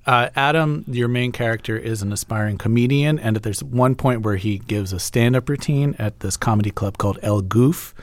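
A man's voice: mid-range voice, normal speed, hardly any pauses, no echo. A man interviewing an author in a conversational way, laughing easily and later reading a passage aloud. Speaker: radio interviewer.

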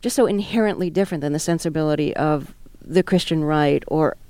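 Woman hosting a radio chat, curious, lower voice, dry studio. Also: brisk, mellow, clear, resonant tone, no echo. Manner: curious, laughs readily. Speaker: radio host, interviewer. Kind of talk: radio interview and program links.

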